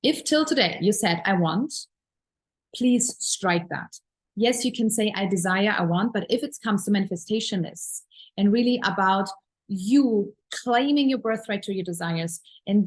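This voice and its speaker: Speaking at a moderate pace in a medium-pitched voice, this manifestation coach delivers a spiritual teaching talk over poor audio. She is earnest and gushing, leaning on repetitive, emphatic affirmations and raving about pleasure and gratitude.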